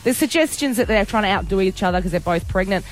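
An Australian woman co-hosting a breakfast radio show, bubbly and quick to laugh in easy banter. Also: mid-range voice, animated, faint music behind. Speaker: radio co-host.

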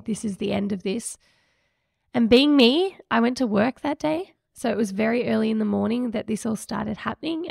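A woman's voice: fairly high pitch, gravelly, darkish tone, no echo, clean studio sound. A woman hosting a podcast, candidly and emotionally recounting a personal experience in a reflective way. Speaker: podcast host.

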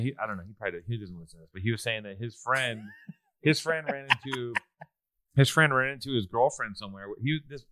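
A man co-hosting a comedy podcast, swearing freely and rambling from one story to the next. His voice is bright and forward, and it sits in a dry, close sound with no room around it. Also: mid-range voice, dry recording. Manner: profane, rambling, quick to launch into stories. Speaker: podcast co-host. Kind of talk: casual comedic chat.

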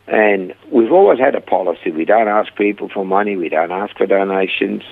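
A gravelly, husky man telling stories in a lively way in an interview, often acting out the voices of the people he quotes. His voice sits fairly low. It comes through narrow, phone-like radio audio. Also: a little fast, few pauses. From Australia. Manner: animated storyteller, acting out quoted dialogue. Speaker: Christian rehab founder, interview guest. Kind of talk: storytelling interview.

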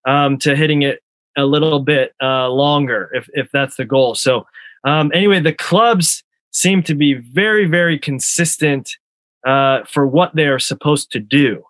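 A man with a somewhat high voice hosts a casual podcast discussion. The sound is dry and close, and he guides the conversation in a thoughtful way. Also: measured pace, a bit bright, no echo. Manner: thoughtful, leads the talk and asks questions.

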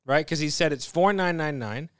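A man's voice: fairly high pitch, moderate pace, fairly bright tone, no echo, studio quality. A man in casual conversation, retelling a story bluntly with lots of swearing. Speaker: podcast co-host. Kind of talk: casual chat.

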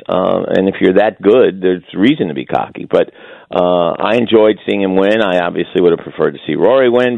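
A man's voice: deep voice, vocal fry, no echo. A man calling in as a regular guest on a sports radio show, chatting casually and rambling with self-corrections while hiccuping. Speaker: guest columnist. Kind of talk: casual sports chat by phone. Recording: tinny phone line.

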